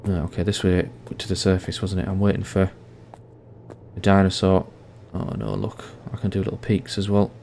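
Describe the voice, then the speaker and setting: A man's voice: sits low, completely flat delivery, normal speed, vocal fry, darkish tone, a little hiss or hum. A man giving dry, wry running commentary on a horror game he is playing. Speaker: gaming channel host.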